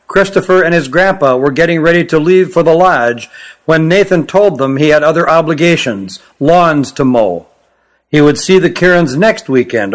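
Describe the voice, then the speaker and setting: A man narrating his own novel as an audiobook, in a steady, measured reading. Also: a little high.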